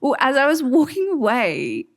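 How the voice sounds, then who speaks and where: A woman in her thirties with an Australian accent, a guest on stage telling a story in lively, chatty fashion with many fillers and acted-out quotes. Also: sits high, normal speed. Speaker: guest author. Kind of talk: on-stage conversation. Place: stage event before an audience.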